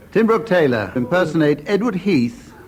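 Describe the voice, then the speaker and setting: Dry deadpan man hosting a radio panel show. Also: high voice. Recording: noisy 1970s radio broadcast.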